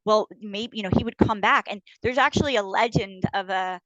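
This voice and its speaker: A woman's voice: medium pitch, fairly quick, a bit bright, no room sound, muffled recording. A middle-aged woman, a paralegal guest on a podcast, talking bluntly and indignantly in casual interview style with many fillers.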